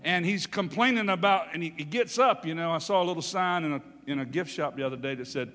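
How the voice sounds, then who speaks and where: A man's voice: a little high, quick pace, hardly any pauses, a bit bright. A male pastor preaching a chatty, folksy sermon, often checking in with his listeners. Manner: folksy, chatty, often asks "okay?" and chuckles. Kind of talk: conversational sermon. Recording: long hall reverb.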